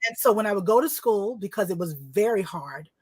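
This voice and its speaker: A middle-aged woman from New Jersey, a guest telling personal stories in a sing-song, animated way and acting out voices. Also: medium pitch, a little fast. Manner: lively, acts out voices in her stories. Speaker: guest, author and illustrator. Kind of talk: personal storytelling in conversation.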